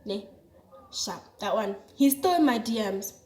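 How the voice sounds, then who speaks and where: A young South African woman vlogger telling a story in a lively, slangy, chatty way. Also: mid-range voice, a little slow. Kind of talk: casual storytelling to camera. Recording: echoey room.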